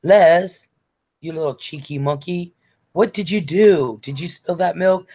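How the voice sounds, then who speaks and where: A prim, polite lady, scolding gently and ending each jab with a question, as a man puts her on. The voice sits higher than a man's usual talk, lifted and a little strained. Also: unhurried. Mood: mock scolding. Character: mock-scolding prim English woman, mild and polite.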